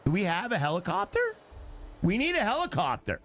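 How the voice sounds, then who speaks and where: Excitable man streaming, lively high voice. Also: a little fast, soft background music. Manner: excitable, chatty, reacts loudly and talks to chat. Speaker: live streamer. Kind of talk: live gameplay commentary with chat.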